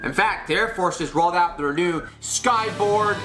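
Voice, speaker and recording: A young man hosting a comedy segment, sarcastic and excitable, swinging from loud to soft in a small studio. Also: high-pitched, normal speed, over music. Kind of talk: comedic rant. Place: small studio with blue sheet backdrop.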